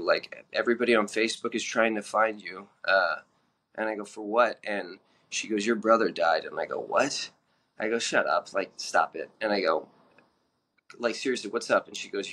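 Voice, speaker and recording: A man's voice: on the low side, a bit bright. A man speaking frankly on a podcast about his past, plain-spoken and full of fillers and restarts as he tells it. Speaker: podcast guest sharing recovery story. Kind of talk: candid personal storytelling.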